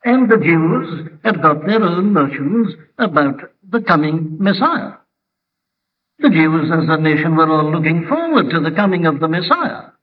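A man's voice: fairly high pitch, expressive, unhurried. A man preaching a sermon, with emphatic rhetorical questions that build up. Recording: distant phone-like hall recording.

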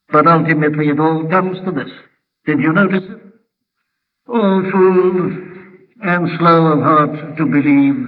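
Male preacher, emphatic and questioning, recorded from far back in a long-reverb hall. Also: on the high side. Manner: rhetorical questions, emphatic build-ups. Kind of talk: sermon. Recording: distant phone-like hall recording.

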